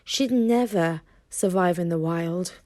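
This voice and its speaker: A woman's voice: fairly low pitch, takes it slowly, warm tone, no echo, studio quality. A woman voicing a glum young Viking boy.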